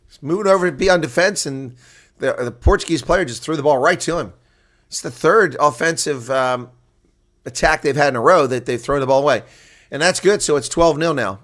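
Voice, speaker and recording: A man giving live play-by-play rugby commentary, excitable and rising to shouts at big plays. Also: on the high side, fairly quick.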